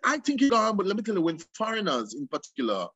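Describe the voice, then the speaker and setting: Animated husky Jamaican man. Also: sits high, fast, dry recording, lo-fi sound. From England, raised in Jamaica from age seven. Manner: animated storyteller, laughs often, mimics voices. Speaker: guest. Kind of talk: casual interview chat in Jamaican Patois.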